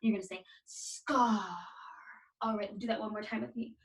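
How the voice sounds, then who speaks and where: Energetic woman teaching artist, slightly distant. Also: mid-range voice, very fast, creaky. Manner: energetic, encouraging. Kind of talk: guiding a movement warm-up.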